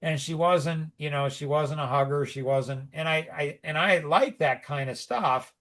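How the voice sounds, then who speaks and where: A middle-aged man with a slightly high voice, chatting loosely on a podcast. He rambles, circles back on himself and fills his talk with "like" and "you know," breaking into lively asides. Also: a little slow. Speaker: podcast co-host. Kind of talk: casual conversational podcast talk.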